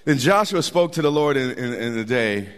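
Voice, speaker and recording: Animated male preacher in a reverberant hall. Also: mid-range voice, moderate pace, clean tone. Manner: animated, repeats words for emphasis, folksy colloquial phrasing. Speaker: pastor. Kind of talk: sermon. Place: church sanctuary.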